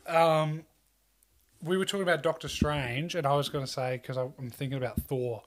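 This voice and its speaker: A young man co-hosting a casual podcast chat, swearing freely, rambling and breaking into loud laughter. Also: fairly high pitch, steady tone, normal speed. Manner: crude, joking, laughs loudly and rambles. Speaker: podcast co-host.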